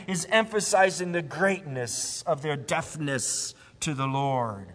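A man preaching a sermon, emphatic, rising to loud cries and sinking to a low hush. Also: slow pace, hardly any pauses, in a large hall.

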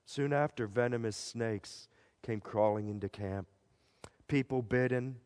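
A man preaching a dramatic storytelling sermon, swinging between loud declarations and hushed, low passages. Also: a little slow. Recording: long reverb of a large hall.

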